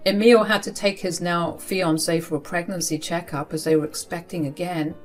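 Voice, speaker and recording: A woman's voice: lowish voice, fairly even intonation, moderate pace, faint music behind. A woman narrating a first-person story in an earnest, emotional way.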